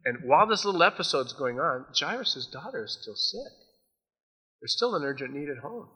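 A man preaching a sermon, retelling Bible stories in a casual, animated way and acting out the characters' lines. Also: fairly high pitch, normal speed, slightly rough. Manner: storytelling, acts out the voices of Bible figures. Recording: long hall reverb.

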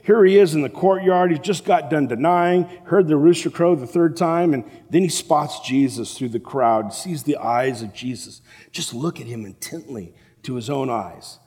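A man preaching a sermon as a pastor, animated and acting out the voices of the people in the story. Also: fairly high pitch, normal speed, hardly any pauses. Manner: animated, acts out the quoted voices. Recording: long reverb of a large hall.

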